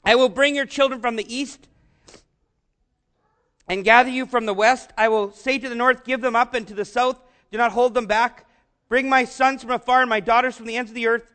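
A man preaching a sermon, asking the congregation rhetorical questions and slowing down to stress repeated phrases. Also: extremely high pitch, fairly even intonation, fairly bright tone. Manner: rhetorical questions, emphatic slow repetitions. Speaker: pastor.

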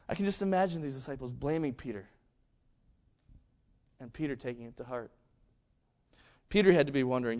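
High-voiced man preaching a sermon. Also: fairly quick, long pauses. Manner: storytelling, acts out quoted lines with big swings in loudness. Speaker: pastor.

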